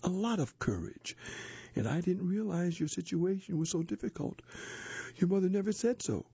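A man voicing a gentle, kind rich lady. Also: high voice, animated, moderate pace, gravelly, slightly rough, dry recording, muffled recording, voice pushed up, exaggerated voice. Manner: gentle, soft-spoken. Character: kind, gentle wealthy older woman.

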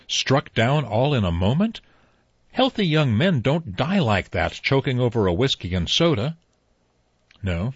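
A man narrating a mystery novel in a measured storytelling manner, on a dull lo-fi recording. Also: on the low side, slightly rough, dry recording. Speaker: audiobook narrator. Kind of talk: scripted narration.

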